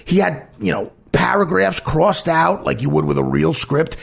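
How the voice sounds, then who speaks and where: A man's voice: fairly high pitch, moderate pace, vocal fry. A man hosting a podcast, telling a candid personal story in a blunt, profane, rambling way. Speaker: podcast host.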